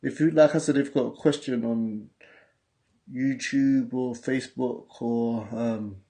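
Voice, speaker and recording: This livestream host is a Londoner from England who chats in street slang and reads out messages from viewers. His mid-range voice is warm and steady, and he takes his time.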